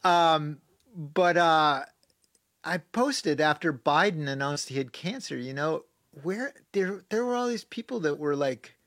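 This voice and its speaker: A man from Wisconsin, a political guest on a call-in radio show, talking in halting bursts with restarts and fillers. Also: fairly high pitch, expressive, fairly bright tone, no room sound. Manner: halting, restarts, many likes and you knows. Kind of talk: casual political talk radio.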